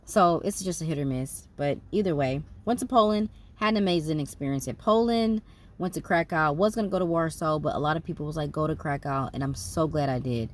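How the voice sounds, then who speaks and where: A woman's voice: low-pitched, brisk. A woman, rambling casually through a travel recap with fillers and self-corrections. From United States. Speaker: travel vlogger.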